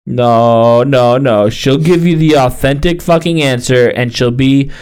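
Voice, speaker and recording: A man co-hosting a beer podcast in an animated casual chat, swearing a lot and laughing often. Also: mid-range voice, unhurried, smooth. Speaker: podcast co-host.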